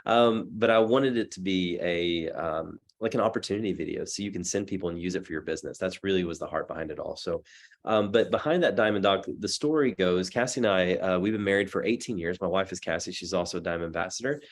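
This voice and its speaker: A deep-voiced man in his thirties speaks to a team over a laptop call from a dim hotel room. He rambles warmly through his points, restarting sentences and leaning on fillers as he goes. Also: fast talker. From Texas. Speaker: guest speaker. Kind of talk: casual talk on a video call.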